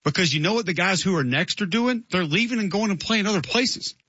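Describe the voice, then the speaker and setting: Man, sports radio host, bright forceful voice, slightly high, dry lo-fi sound. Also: animated, brisk, slightly rough, no room sound. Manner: opinionated, conversational. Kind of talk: radio talk show monologue.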